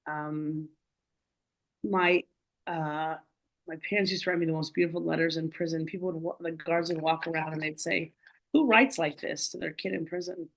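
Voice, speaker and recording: A woman telling her story in a casual, animated way, rambling with many fillers. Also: low voice, poor audio. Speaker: guest speaker.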